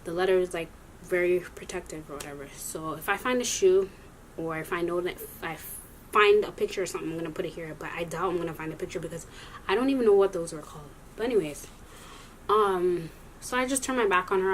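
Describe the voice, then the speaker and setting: Young woman, casual storytime vlog, rambling, self-correcting, slightly low voice, faint hiss. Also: fast. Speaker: vlogger.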